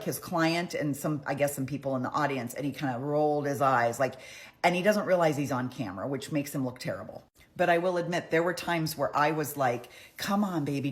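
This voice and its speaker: Chatty low-voiced woman recapping a trial. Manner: chatty, opinionated, acts out quotes. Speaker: trial commentary vlogger. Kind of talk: casual trial recap commentary.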